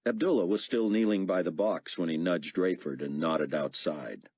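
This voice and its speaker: A man's voice: low voice, moderate pace, a little mellow, breathy edge, no room sound. A man narrating an audiobook expressively, voicing many characters. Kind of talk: scripted narration.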